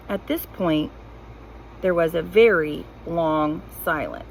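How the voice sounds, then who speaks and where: A woman reading a children's novel aloud in an expressive, animated storytelling voice. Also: low voice, takes it slowly, gravelly, slight background noise, rough recording. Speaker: reader.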